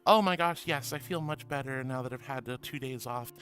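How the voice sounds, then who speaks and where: Over background music, a male streamer with a medium-pitched, fairly bright voice talks briskly on a casual livestream. Bubbly and affectionate, he reads chat messages aloud and calls viewers honey and sweetheart.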